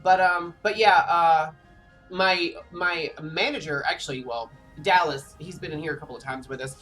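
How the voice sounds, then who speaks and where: A man's voice: fairly high pitch, moderate pace, pushed and bright, soft background music. A man chatting casually on a livestream while he plays, telling a rambling story full of fillers and restarts. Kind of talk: casual chat while playing a game.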